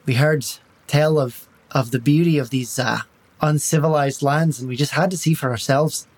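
A man voicing a smooth-talking male elf bard with an Irish accent, lilting and evasive, in a tabletop game. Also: fairly even intonation, normal speed, close to an everyday voice. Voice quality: lilting, wheedling, pitch rising when pressed. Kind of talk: tabletop role-play in character.

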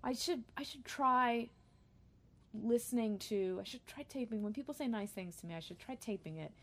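A woman's voice: fairly high pitch, animated, moderate pace, a bit bright. A woman singer-songwriter chatting casually as a guest, self-deprecating and talkative. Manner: chatty, self-deprecating, sings short jingles. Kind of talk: casual chat.

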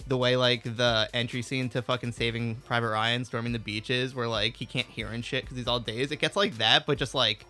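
A young man co-hosting a casual movie review podcast, animated, laughing often and swearing casually. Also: mid-range voice, brisk, few pauses, soft background music. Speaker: podcast co-host.

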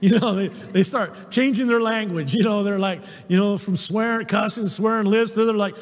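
High-voiced man preaching in a reverberant hall. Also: moderate pace, hardly any pauses. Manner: emphatic preaching, repeated call-and-response "Amen?". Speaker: pastor. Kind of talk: sermon. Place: church sanctuary.

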